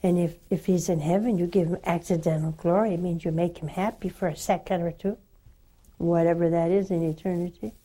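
An older woman hosting a religious call-in show, gently and emphatically counseling a caller. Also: on the low side, fairly even intonation. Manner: slow, warm pastoral counseling, emphatic and coaxing. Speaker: religious TV host taking calls.

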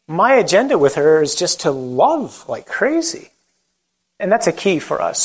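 Priest preaching, lively and chatty, voice sits a bit high, acts out little quotes. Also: male voice, low-quality recording. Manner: animated, conversational preaching with acted-out quotes. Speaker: Catholic priest. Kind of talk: talk on evangelization, then closing prayer.

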